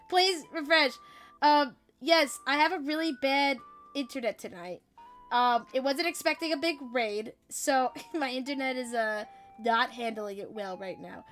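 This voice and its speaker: A woman streamer chatting casually on a live stream, energetic, swearing freely and giggling. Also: sits high, measured pace, pauses often, faint music behind.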